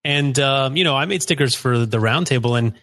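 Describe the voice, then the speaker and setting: Man, co-host, bright sharp voice, clipped jokey phrasing, dry sound. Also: mid-range voice, fairly quick, dry recording. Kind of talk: casual chat.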